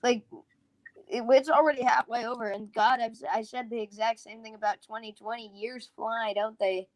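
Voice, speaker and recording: A woman's voice: a little high, fairly even intonation, normal speed, no echo, low-quality recording. A tired woman co-hosting a livestream in casual chat, rambling and restarting her sentences. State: tired, yawning. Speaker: livestream co-host.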